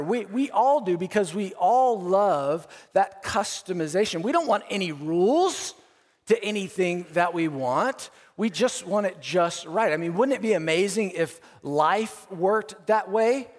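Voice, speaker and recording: A man preaching to a church congregation, talking in a loose, lively way and often doubling up words as he goes. His voice sits fairly high for a man. The sound carries a long echo off the walls of a big worship hall. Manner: casual, energetic, with frequent filler and repeated words. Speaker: pastor. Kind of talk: sermon. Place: large church auditorium.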